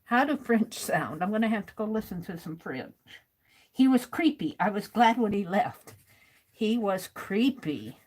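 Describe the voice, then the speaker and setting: A woman's voice: mid-range voice, big pitch swings, unhurried, darkish tone. A woman hosting a livestream, reading viewers' comments aloud and chatting casually while she writes. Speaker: livestream host.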